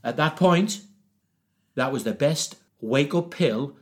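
A man telling a comic story, animated, acting out the voices and swearing freely. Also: on the high side, slow.

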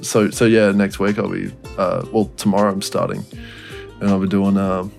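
A man's voice: low voice, flat delivery, normal speed, gravelly, darkish tone, faint music behind. A young man, co-hosting a casual podcast chat, rambling, swearing freely and laughing often. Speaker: podcast co-host.

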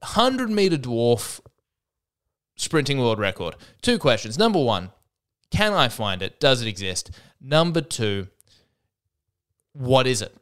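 A man talks alone into his home podcast microphone, wandering from thought to thought with wry asides and many restarts. His voice is smooth and clear at an ordinary middle pitch. He keeps an easy, chatty comic tone. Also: big pitch swings, a little slow, a bit bright. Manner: rambling, self-interrupting, wry asides. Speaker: podcast host. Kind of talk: solo comedic podcast monologue.

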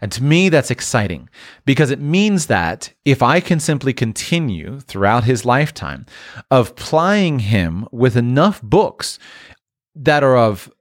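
A man talks in a relaxed monologue at a mid pitch, thinking aloud with frequent restarts. The sound is dry and close, with no room echo. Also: measured pace. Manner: thoughtful, restarts and trails off. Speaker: parent talking about language learning. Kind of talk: casual monologue.

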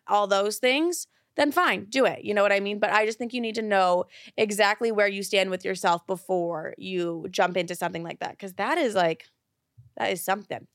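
A woman's voice: mid-range voice, moderate pace, dry recording. Young woman host, blunt and sweary, dry close sound. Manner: blunt, profane, emphatic. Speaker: advice podcast host. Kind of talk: blunt casual advice.

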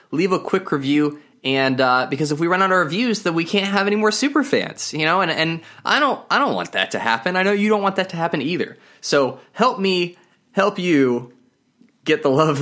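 A man's voice: a little high, a bit bright. A man hosting a podcast as a Bible teacher, talking in an upbeat, chatty way and laughing easily. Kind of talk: casual podcast talk.

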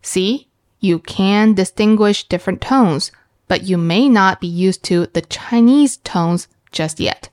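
A woman teaching beginners Mandarin, explaining slowly and clearly and demonstrating each tone aloud. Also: medium pitch, a little mellow. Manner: slow and clear, demonstrating sounds with sung tones.

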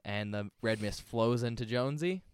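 A man's voice: mid-range voice, moderate pace, clean tone, no room sound, clean studio sound. A man co-hosting a horror movie podcast, casually walking through the plot step by step and quizzing his co-host along the way. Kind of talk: casual movie recap chat.

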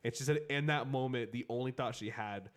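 A man telling a family story in casual chat, full of "like" fillers and quick asides. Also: mid-range voice. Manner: loose, filler-heavy storytelling with frequent "like".

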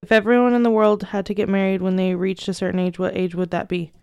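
A young woman guesting on a podcast, answering quick questions bluntly and playfully and giggling often. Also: mid-range voice, little pitch movement, creaky, a little mellow, clean tone, no echo. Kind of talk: casual chat, quick-fire answers.

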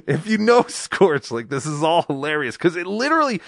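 A man's voice: fairly high pitch, sing-song, normal speed, vocal fry, a bit bright, dry recording, clean studio sound. A man hosting a live podcast, giving casual, wry commentary over a clip he plays. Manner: chatty, wry, lots of "like". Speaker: podcast host.

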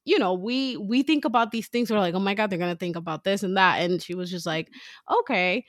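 A woman's voice: mid-range voice, brisk, no echo, studio quality. A woman in her thirties, a mother and co-host, chatting casually and acting out quoted lines as she tells a story.

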